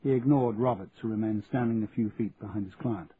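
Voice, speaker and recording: A man narrating an audiobook in a measured storytelling manner. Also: lowish voice. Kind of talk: scripted narration. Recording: tinny lo-fi audio with faint hiss.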